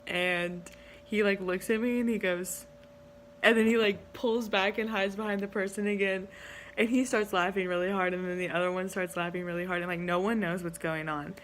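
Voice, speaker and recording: A woman's voice: mid-range voice, steady tone, moderate pace, slight background noise. A young woman, an education student, casually telling a story in a vlog, chatty and giggly, saying "like" often. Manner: chatty, heavy use of "like", giggly.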